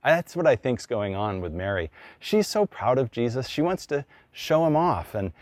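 A man's voice: mid-range voice, very animated, moderate pace, no room sound. A middle-aged man, a pastor, preaching a conversational sermon and acting out the people he quotes.

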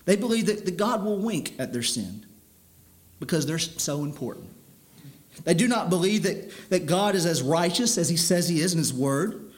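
Male preacher, higher register, stern and earnest sermon delivery with restarts. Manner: earnest, stern, repeats words while building a point.

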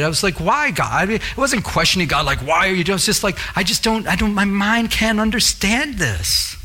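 A man's voice: high voice, pushed and bright. A middle-aged man preaching a sermon, earnest and repetitive, reading scripture aloud. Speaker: pastor.

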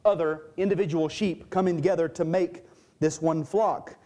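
Emphatic male preacher with a mellow tone. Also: on the high side, steady tone, moderate pace, a little hiss or hum. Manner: emphatic, stresses key words, reads and explains scripture. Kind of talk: sermon.

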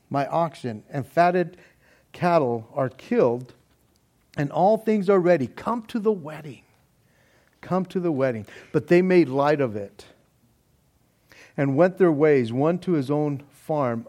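A man preaching a sermon in a deliberate manner, with soft laughs between points. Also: on the high side. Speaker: pastor.

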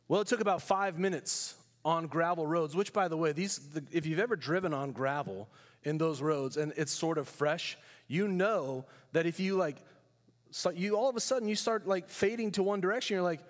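A pastor from California preaching a sermon in a church, emphatic, with rhetorical questions and storytelling asides. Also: male voice, on the high side, normal speed, long reverb tail.

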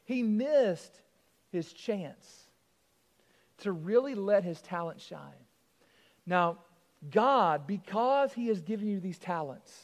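A man preaching a sermon as pastor, telling a joke story with lively swings from loud to hushed. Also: high-pitched, long reverb tail.

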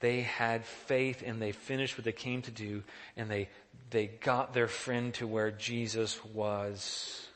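A man's voice: fairly low pitch, little pitch movement, slow, fairly bright tone, big-room sound. A male pastor preaching a sermon in an earnest, questioning, emphatic way.

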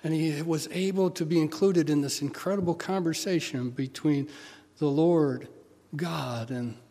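A man preaching a sermon, telling stories and swinging from loud urging to quiet, intimate asides. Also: on the high side, unhurried. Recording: long hall reverb.

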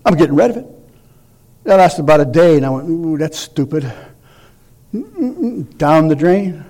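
A man with a high-pitched voice preaches to a congregation as a visiting minister. He reads scripture in a measured way, then pushes his points with emphatic, urgent exhortation. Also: lively intonation, darkish tone. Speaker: guest preacher. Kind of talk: sermon with scripture reading.

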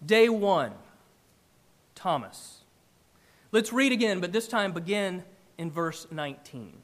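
A man preaching a sermon in church, emphatic and animated, with big swings in loudness. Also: high-pitched, slow. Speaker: pastor.

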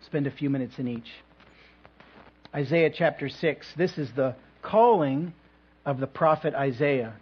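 A male pastor delivering a sermon in a measured way, with reflective pauses and touches of light humor. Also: fairly high pitch, husky. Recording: dull lo-fi recording.

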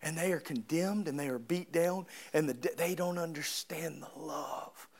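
A preacher with a higher-pitched voice than most men. He drops to soft, low reflection, then climbs into loud, fervent preaching. It is a lively, dynamic sermon delivery. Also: measured pace. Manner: swings from soft and low to loud, high and impassioned.

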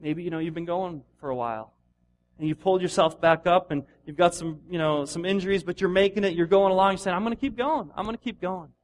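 A middle-aged man preaching a sermon in a conversational, animated way, acting out the voices of the people he describes. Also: high voice, fast talker. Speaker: pastor.

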